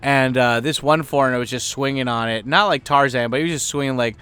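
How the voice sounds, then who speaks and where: Smooth-voiced man rambling and swearing. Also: medium pitch, brisk, sharp tone. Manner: rambling, heavy fillers and swearing. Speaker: podcast host. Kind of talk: casual profane monologue.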